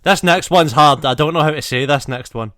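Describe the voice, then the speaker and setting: A man's voice: fairly high pitch, fairly quick, fairly bright tone, no room sound. Wry young man, dry close sound. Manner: wry, joking, game for a challenge. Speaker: podcast co-host. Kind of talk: casual podcast banter.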